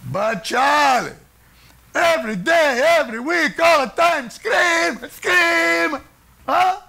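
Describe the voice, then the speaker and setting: A man voicing an excitable older Italian immigrant pizzeria owner who exclaims loudly in broken English with an Italian accent. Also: extremely high pitch, slow pace, gravelly, voice pushed up, exaggerated voice. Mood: baffled, exasperated.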